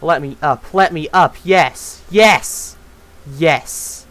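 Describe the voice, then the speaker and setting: A young man doing rage gameplay commentary, cursing, pleading with and shouting at the game, from low mutters to loud yells. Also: very slow. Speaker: gaming YouTuber. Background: game music.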